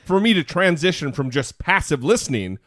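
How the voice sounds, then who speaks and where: Male podcast co-host, lively pitch, dry close mic, rambling and self-deprecating. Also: a little fast, no echo. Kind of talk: casual podcast chat.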